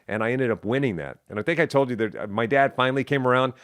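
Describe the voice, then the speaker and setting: A man's voice: mid-range voice, quick pace, a bit bright, clear, resonant tone, dry recording, clean studio sound. A middle-aged man from Texas, a guest who tells stories animatedly and slips into voices. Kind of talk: casual storytelling.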